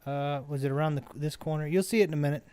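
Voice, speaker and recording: A man's voice: on the high side, steady tone, fast talker, a little mellow, clean tone, no echo. A man casually commentating a video game he plays, rambling and often correcting himself mid-sentence. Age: adult parent. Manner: rambling, self-correcting, chatty. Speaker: let's play host.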